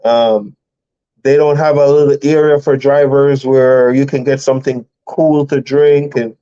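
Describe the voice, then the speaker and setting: Male stream host, easygoing storyteller, mellow tone, lo-fi audio. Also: mid-range voice, flat delivery, unhurried, clear, resonant tone. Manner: chatty, laughs often, rambling storytelling. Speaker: truck driver and live stream host. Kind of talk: casual live stream chat.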